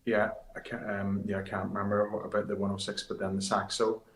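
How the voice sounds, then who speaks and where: A man's voice: fairly low pitch, fast, a little hiss or hum. Man telling rally stories in an echoey room. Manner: lively anecdotes, rambling with restarts. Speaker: guest, rally competitor. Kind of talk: casual interview storytelling.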